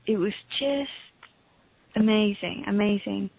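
Woman guest, slow halting speech, searching for words, tinny phone-line sound. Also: mid-range voice, gravelly, slightly rough. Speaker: guest on a call. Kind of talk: casual conversation on a call. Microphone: call audio.

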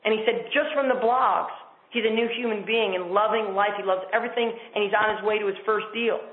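Fast-talking high-voiced man on a phone line. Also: fairly even intonation. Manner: fast, enthusiastic, salesy. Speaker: host of a coaching call. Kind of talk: motivational sales pitch on a conference call. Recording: tinny phone line with echo.

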